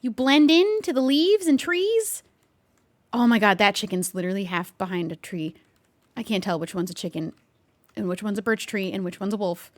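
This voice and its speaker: A woman streaming a game, chatting and playing along with an unseen visitor, easily startled and quick to gasp and laugh. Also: medium pitch, lively intonation. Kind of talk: casual gameplay commentary with light role-play.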